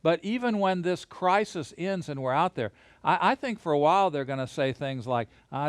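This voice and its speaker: Lively man teaching children. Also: fairly high pitch, moderate pace, few pauses, no room sound. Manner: lively, gesture-led, encouraging. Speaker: Bible teacher. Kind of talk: lesson for children and families. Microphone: camera.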